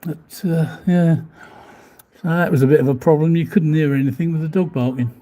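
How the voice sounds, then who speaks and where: A vlogger in a hotel room overlooking the seafront reads his live chat aloud on a stream, chatting casually, rambling, laughing a lot and swearing mildly. His voice is on the high side and mellow, at a normal speed.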